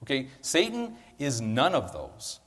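A man's voice: mid-range voice, wildly swooping pitch, unhurried, a bit bright, long reverb tail. A man giving a chatty, conversational sermon as pastor, often checking in with his listeners. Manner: chatty, asks listeners "right?". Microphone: handheld or stand mic.

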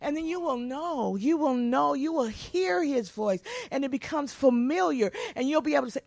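A woman's voice: high-pitched, expressive, normal speed, gravelly, few pauses, darkish tone, no room sound. Woman pastor preaching, folksy and punchy, dry close sound. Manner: preachy call-and-response, folksy, emphatic. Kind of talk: sermon.

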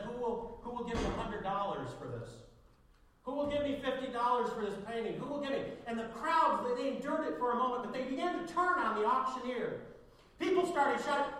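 A man pastor preaching a sermon, telling a story with dramatic swings from loud to hushed. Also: high-pitched, a little hiss or hum. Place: church sanctuary. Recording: echoey church, picked up from a distance.

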